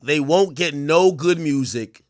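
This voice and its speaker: A man's voice: on the high side, slow pace, dry recording, clean studio sound. A man in his thirties hosting a livestream, ranting to his chat in a profane, mocking way and laughing often. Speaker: livestream host. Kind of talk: casual rant to a live chat.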